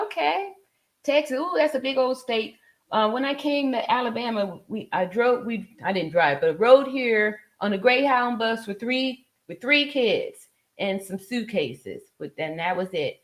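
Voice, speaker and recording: A woman in her forties hosting a casual livestream, chatting loosely with many fillers and frequent laughs. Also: on the high side. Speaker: livestream host. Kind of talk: casual livestream chat reading viewer comments.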